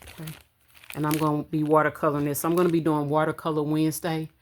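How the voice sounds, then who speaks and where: Low-voiced woman vlogging casually. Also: little pitch movement, fast, a little hiss or hum. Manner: chatty, addresses viewers as y'all, counts out loud. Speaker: budgeting vlogger. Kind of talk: casual chat to camera. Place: home room. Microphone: camera on a stand.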